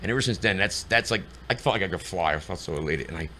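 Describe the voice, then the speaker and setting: A man's voice: sits low, animated, quick pace, bright, forceful tone, slight background noise. A middle-aged man, a guest in casual chat, telling rambling stories and acting out what people said. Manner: rambling storyteller acting out quotes.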